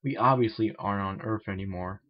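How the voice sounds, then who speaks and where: A man voicing a calm, level-headed grown man, in a muffled lo-fi recording. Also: fairly low pitch, fairly quick, lightly acted.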